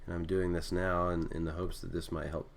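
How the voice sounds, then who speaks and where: Low-voiced man teaching a lesson. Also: brisk, vocal fry, slight background noise. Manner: relaxed, thinking aloud with fillers and self-corrections. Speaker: Greek teacher. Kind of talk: casual screen-recorded lesson.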